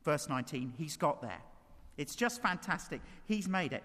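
A man preaching a sermon, telling the story with lively energy and acting out the voices of its characters. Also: a little high, moderate pace, long reverb tail.

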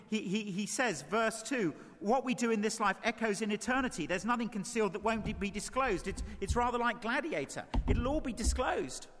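A man delivers a sermon, recounting the story energetically and giving each character their own voice. His voice sits high, and the sound carries the feel of a big room.

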